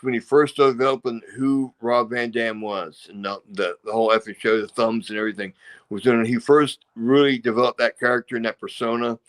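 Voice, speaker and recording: A man's voice: mid-range voice, flat delivery, brisk. A middle-aged man, a former wrestler, telling rambling stories in a casual interview and acting out quotes and sound effects. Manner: rambling, acts out quotes and crowd noises.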